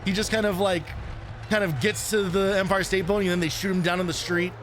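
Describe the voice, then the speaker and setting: A man's voice: high-pitched, fairly even intonation, fairly quick, fairly bright tone, a little hiss or hum. A man streaming a retro game and rambling through casual commentary, swearing and laughing often.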